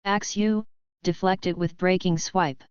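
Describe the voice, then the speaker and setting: A woman's voice: lowish voice, fairly even intonation, unhurried, smooth, dry recording, natural voice. A woman voicing a young male trainer who calls out commands, in a dull lo-fi recording. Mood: commanding. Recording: dull lo-fi dry audio.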